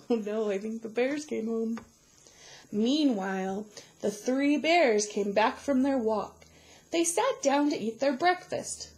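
A woman teacher reading a fairy tale aloud to children, slow and animated, asking them questions along the way. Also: a little high.

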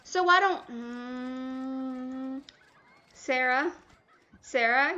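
A woman's voice: on the high side, normal speed, fairly bright tone, highs cut off. A woman streaming a game live, ranting in exasperation and swearing freely.

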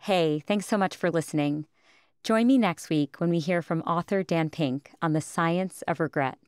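Low-voiced woman host narrating. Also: normal speed, darkish tone, smooth, no echo, soft background music. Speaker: podcast host. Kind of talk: scripted narration.

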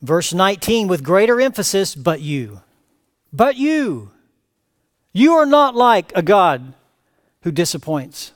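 A man preaching a verse-by-verse sermon as pastor, reading scripture aloud with rising emphatic cries and then dropping to quiet asides. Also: high-pitched, big pitch swings, measured pace. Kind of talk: expository sermon. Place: church sanctuary.

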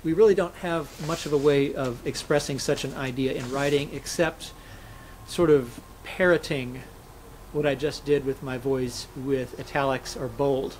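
A man's voice: mid-range voice, fairly even intonation, unhurried, darkish tone, a little hiss or hum, low-quality recording. A man, a scholar and interview guest, explaining grammar methodically and illustrating points with spoken examples.

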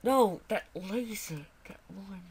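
A man's voice: high-pitched, slow pace, husky. A man doing let's play commentary, frustrated and exclaiming as he keeps failing a level. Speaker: gamer.

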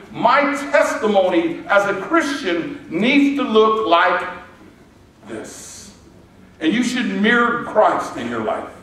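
A man preaching a sermon in a relaxed, storytelling way, with asides and rhetorical questions to the congregation. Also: high voice. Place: church auditorium. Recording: echoey hall, distant mic.

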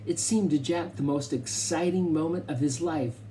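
A man reading a children's novel aloud in measured, expressive narration. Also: fairly high pitch, slight background noise. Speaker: audiobook reader. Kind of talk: scripted narration.

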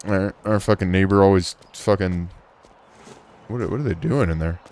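A man's voice: sits low, normal speed, a little mellow. A man commentating a horror game he is playing, cursing often, joking and easily startled. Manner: profane, jumpy and joking. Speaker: gaming YouTuber.

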